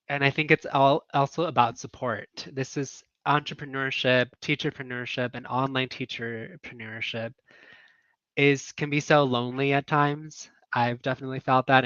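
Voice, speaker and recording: Earnest bright-voiced man, lo-fi. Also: medium pitch, steady tone, moderate pace, dry recording. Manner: earnest, emotional, many fillers and laughs. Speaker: online teaching business coach. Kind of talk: casual livestream chat.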